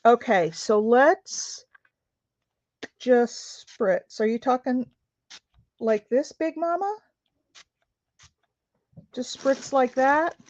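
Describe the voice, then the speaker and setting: A woman's voice: high-pitched, drawn-out words, long pauses, dry recording. A woman hosting a craft video, chatting casually and asking questions as she works. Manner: chatty, asks questions while working. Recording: dry, dull lo-fi sound.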